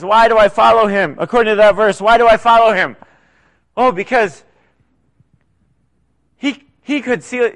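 A man preaching a conversational sermon, often dropping to soft, quiet asides. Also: sits high. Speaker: pastor.

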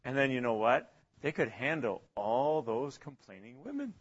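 A man's voice: medium pitch, expressive, normal speed, slightly rough, muffled recording. A man leading a casual Bible study, talking hesitantly with frequent chuckles and acting out little quotes. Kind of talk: casual interactive Bible teaching.

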